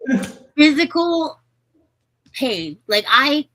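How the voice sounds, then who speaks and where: A woman's voice: high voice, sing-song, takes it slowly, pushed and bright, poor audio. A woman in her thirties hosting a podcast, talking casually and effusively with many fillers. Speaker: podcast host. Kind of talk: supportive interview chat.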